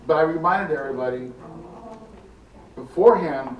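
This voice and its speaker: A middle-aged man tells a story on a theater tour, his voice pitched a little high and acting out every quote. He sits some distance from the mic, so the sound is roomy and echoey, with a faint hum behind him. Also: normal speed, long pauses. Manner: lively, acts out quoted voices. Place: large indoor theater.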